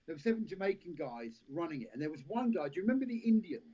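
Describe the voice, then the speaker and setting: Brief: male guest, husky, lively storyteller, dull lo-fi stream sound. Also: on the high side, quick pace. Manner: rambling anecdotes, frequent restarts, laughs at own stories. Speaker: actor and director, podcast guest. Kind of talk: casual storytelling interview. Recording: lo-fi live stream audio.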